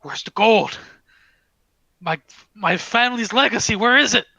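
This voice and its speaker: A man voicing a furious dwarf who shouts in bursts about his family's stolen gold. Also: high-pitched, a little slow, vocal fry, no echo, voice pushed up, heavily acted.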